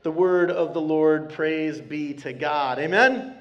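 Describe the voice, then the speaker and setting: A man preaching a sermon to his congregation in a church, talking in an earnest, conversational way and slowing down hard on key phrases. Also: on the high side, lo-fi sound. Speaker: pastor. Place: church sanctuary.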